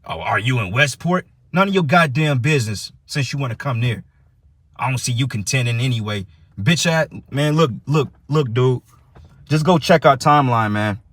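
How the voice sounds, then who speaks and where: A man's voice: mid-range voice, expressive, normal speed, fairly bright tone, no room sound. A man teaching for a religious camp, giving a heated, profane preaching rant that reads and explains scripture.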